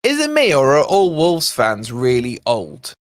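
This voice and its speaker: A man's voice: medium pitch, huge pitch swings, a little slow, no room sound, clean studio sound. A man hosting a football watch-along stream, chatting, joking and mildly swearing to viewers. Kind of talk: casual live-stream chat and commentary.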